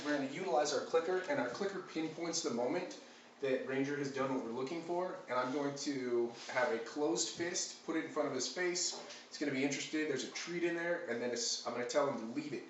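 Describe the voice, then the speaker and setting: A man walks through a clicker lesson for a dog, his voice steady and even, filler words scattered through his explanation. He sounds a few steps from the mic in a boomy, echoing room, with a faint hum of ambience behind him. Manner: calm, steady, frequent ums and uhs. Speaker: dog trainer. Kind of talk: instructional demonstration. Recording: echoey room, mic at a distance.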